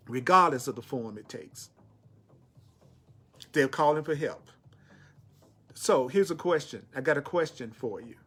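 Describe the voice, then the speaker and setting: A man's voice: mid-range voice, fairly bright tone. A middle-aged man giving a spiritual teaching talk, repeating key phrases with emphasis. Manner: repetitive, emphatic, pleading voice for quotes.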